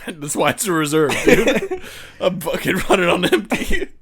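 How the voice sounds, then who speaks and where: A young man co-hosting a podcast, teasing his friend through a movie trivia game, laughing a lot and swinging from mumbles to loud bursts. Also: high-pitched, huge pitch swings, measured pace, breathy edge. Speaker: podcast co-host.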